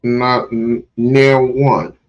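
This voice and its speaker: A man hosts a casual livestream talk show, a little out of breath from exercising. His middle-pitched voice comes through dull, lo-fi stream audio. He leans into his points with an emphatic, preachy delivery. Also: flat delivery, extremely slow. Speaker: livestream host.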